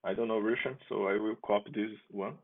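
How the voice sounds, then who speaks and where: A man giving a relaxed, chatty demo of his own software, restarting phrases and chuckling now and then. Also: fairly low pitch, brisk. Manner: relaxed, chatty, with frequent restarts and small laughs. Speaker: software developer demoing his app. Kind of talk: casual screen-recorded software demo. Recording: tinny phone-like sound.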